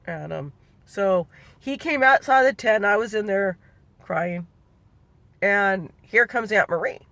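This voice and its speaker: This family storyteller is a middle-aged woman whose medium-pitched voice is gravelly yet fairly bright, and slow. With no echo, she rambles through a personal family recollection, correcting herself as she goes.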